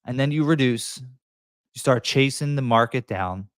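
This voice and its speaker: A man's voice: medium pitch, a little slow, clean tone, no echo, clean studio sound. A man, a real estate agent giving emphatic advice straight to camera and briefly acting out frustrated buyers and sellers. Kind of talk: direct-to-camera advice talk.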